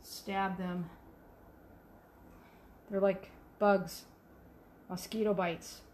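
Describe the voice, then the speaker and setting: A woman's voice: mid-range voice, little pitch movement, extremely slow, darkish tone, slight background noise. A woman potter teaching a wheel demo on a livestream, chatting playfully as she works the clay. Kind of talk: live demo talk while working at the wheel.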